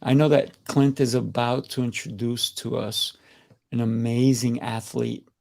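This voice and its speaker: A man hosts a video call panel with effusive praise, stumbling over repeated words. His voice is strongly gravelly. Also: mid-range voice, level tone, unhurried, darkish tone. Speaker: host. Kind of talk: panel show hosting.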